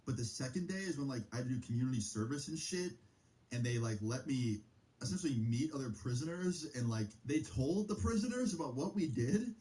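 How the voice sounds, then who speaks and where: A young man streaming, telling a story in a loose, profane casual style full of fillers, his pitch jumping up on exclamations. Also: lively intonation, a little fast, dark tone, poor audio.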